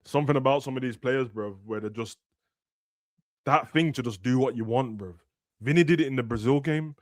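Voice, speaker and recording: Animated young man, dry sound. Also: mid-range voice, brisk, no echo. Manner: animated, slangy, acts out players' words. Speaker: football podcast host. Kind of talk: casual chat.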